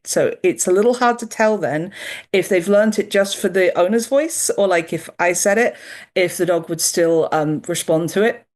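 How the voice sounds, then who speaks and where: British woman guest, low-pitched, explains her research in a lively, chatty way. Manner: chatty and lively, laughing easily, with mild restarts. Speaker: dog behavior researcher, guest. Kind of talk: casual interview explanation.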